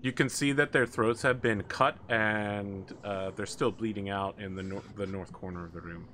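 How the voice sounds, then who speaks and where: Bright-voiced male game master. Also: lowish voice, fairly even intonation, moderate pace, slight background noise. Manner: conversational with many "uh"s. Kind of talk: narrating a tabletop game.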